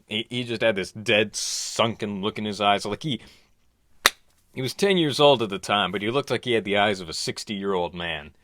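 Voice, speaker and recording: A man telling an absurd crude story in a deadpan, rambling comic style. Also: lowish voice, moderate pace. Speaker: comedian.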